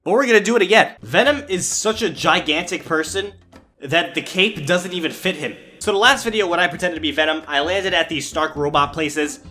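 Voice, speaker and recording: High, animated young man gaming. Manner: animated, yelps and squeals when startled. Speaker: gaming YouTuber. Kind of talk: playful gameplay commentary.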